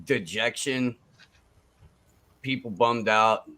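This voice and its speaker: A man in rambling, halting casual chat on a desktop computer mic. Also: medium pitch, pushed and bright. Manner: rambling, halting, lots of fillers.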